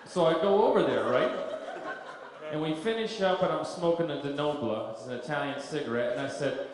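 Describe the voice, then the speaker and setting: A man performing a stand-up comedy set on a club stage, telling stories in a deadpan way with absurd punchlines. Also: on the high side, moderate pace. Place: comedy club stage before a live audience. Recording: echoey club with crowd laughter. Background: audience laughter.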